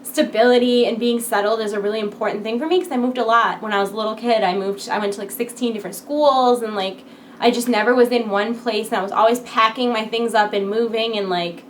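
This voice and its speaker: A woman's voice: a little high, fairly even intonation, quick pace, slight background noise. A woman in her twenties chatting casually to camera from home, full of filler words. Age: 20s. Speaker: vlogger. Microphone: computer desk setup.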